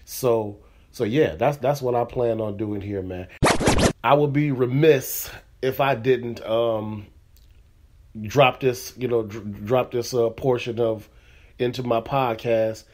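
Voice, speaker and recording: A man's voice: mid-range voice, slow, background noise. A middle-aged man hosting his own comedy podcast, talking loosely and casually with lots of "you know what I'm saying" fillers. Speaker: podcast host. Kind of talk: casual solo podcast monologue.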